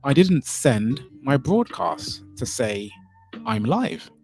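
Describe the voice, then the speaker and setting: A man's voice: mid-range voice, sing-song, slow pace, a little mellow. A man from Saint Kitts and Nevis hosting a casual live stream, rambling and thinking aloud as he fiddles with his settings. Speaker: livestream host. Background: faint music.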